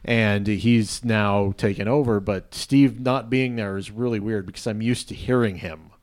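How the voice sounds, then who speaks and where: Rambling, animated male sports blogger. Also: fairly low pitch, moderate pace. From Denver area. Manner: rambling, animated, many restarts. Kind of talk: casual podcast chat.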